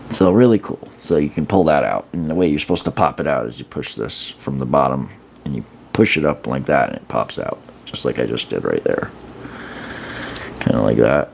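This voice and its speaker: Low gravelly man reviewing a toy. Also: slight background noise. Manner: relaxed, rambling, many fillers and restarts. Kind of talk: casual hands-on product review.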